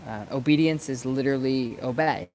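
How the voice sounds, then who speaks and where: A man's voice: medium pitch, moderate pace, darkish tone, slight background noise. Man giving casual dog training advice. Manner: conversational, repeats words while he thinks. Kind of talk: casual instructional talk to camera. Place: outdoors near planters.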